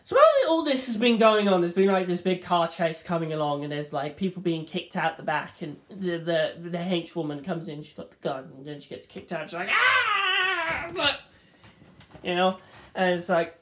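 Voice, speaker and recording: A woman's voice: lowish voice, moderate pace. Swearing, rambling woman reviewer. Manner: animated, swears freely, acts out scenes. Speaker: film reviewer. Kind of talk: rambling casual monologue.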